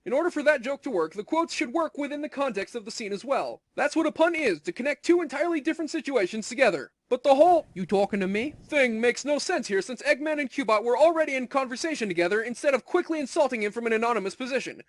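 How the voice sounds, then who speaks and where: A man's voice: very high voice, animated, fast, hardly any pauses, no echo. A man in comedic video review commentary, nitpicking the game's logic in a pedantic way.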